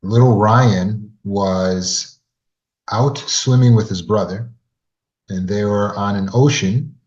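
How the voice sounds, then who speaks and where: A man with a low voice gives an earnest lesson on trauma recovery, telling a story and then putting rhetorical questions straight to the listener. The audio is dull and muffled, like a lo-fi recording. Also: steady tone, slow pace, darkish tone. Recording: dull lo-fi sound.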